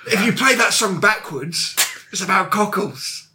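Man, improv comedy, deadpan, mock-serious, high voice, bright tone. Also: a little slow. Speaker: improv comedian playing a self-styled protector of the queen.

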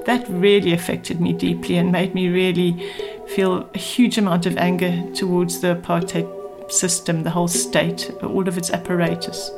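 Older woman from South Africa, low-voiced, earnest storyteller recalling her spy past; music bed under the voice. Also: level tone, moderate pace, hardly any pauses. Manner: earnest, reflective recollection with quoted dialogue. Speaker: former spy interviewee. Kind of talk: personal storytelling.

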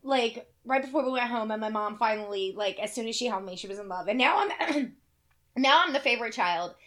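A woman's voice: a little high, a little fast. A woman in her forties from Kentucky, telling a family story in casual chat and acting out the voices. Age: 40s. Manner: animated storyteller, acts out quoted voices, swears casually.

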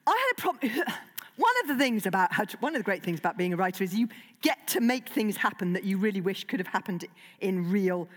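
A woman's voice: on the high side, a bit bright. A woman children's author talking playfully to a young audience, asking them questions and reading aloud. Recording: long hall reverb.

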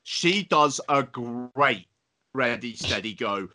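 A man's voice: mid-range voice, lively intonation, takes it slowly, bright, forceful tone. A man co-hosting a podcast, rambling and emphatic in casual banter, swearing freely. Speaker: podcast co-host.

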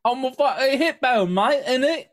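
Brash cockney hippo lady, done by a man in a high, loud, crude put-on voice. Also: lively intonation, moderate pace. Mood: cheeky. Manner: crude, blokey slang.

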